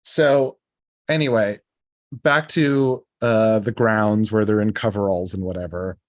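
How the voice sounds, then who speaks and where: A man's voice: fairly low pitch, fairly even intonation, a little slow, dry recording. A man co-hosting a podcast, casually retelling a TV episode in a loose, rambling way full of "like". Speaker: podcast co-host. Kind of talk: casual episode recap chat.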